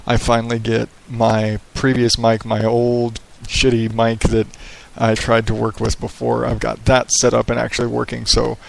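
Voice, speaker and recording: Gravelly and mid-range, his voice comes out completely flat at normal speed, with few pauses. In a casual solo monologue on his own podcast, he rambles profanely in a radio-style voice, talking into a headset microphone in a small home office with hardwood floors and an echo.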